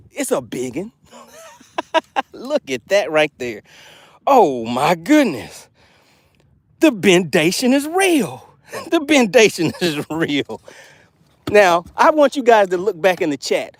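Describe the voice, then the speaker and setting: A breathless man hosting a live fishing stream outdoors, excitedly repeating catchphrases and calling out to his chat. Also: high voice, no echo. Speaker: fishing channel host. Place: outdoors by the water.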